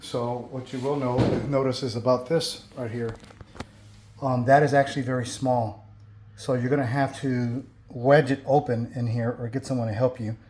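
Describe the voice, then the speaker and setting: Rambling man with a mellow voice. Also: medium pitch, level tone, moderate pace, slight background noise. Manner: rambling, with frequent 'um' and restarts. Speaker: channel host reviewing a bumper install. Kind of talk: casual install walkthrough and review.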